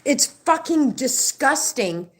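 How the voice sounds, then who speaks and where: A woman's voice: sits high, slow pace. A middle-aged woman ranting on a livestream, swearing freely as she tells a long story and acts out the other people's lines. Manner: profane, animated storytelling with acted-out quotes. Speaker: livestream vlogger.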